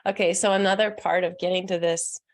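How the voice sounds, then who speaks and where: Young female spiritual coach, live-stream host; low register with vocal fry, soft, earnest, laughs easily. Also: steady tone, brisk. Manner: soft, earnest, laughs often, answers chat comments. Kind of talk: casual live-stream talk.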